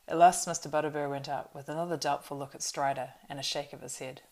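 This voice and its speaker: A woman narrating a story aloud in a steady, unhurried audiobook reading. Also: low voice.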